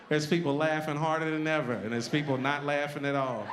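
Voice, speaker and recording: A man with a slightly high voice performs stand-up comedy on stage, brash and punchy. A faint hum of crowd ambience sits under his delivery. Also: steady tone, normal speed. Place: live comedy venue with an audience.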